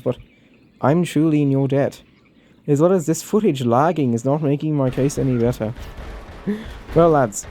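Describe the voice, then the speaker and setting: Young dude chatting to his viewers, lively and a bit sheepish, mellow tone. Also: on the high side, a little hiss or hum. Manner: animated, chatty, self-deprecating. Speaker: channel creator. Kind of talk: casual chat to viewers.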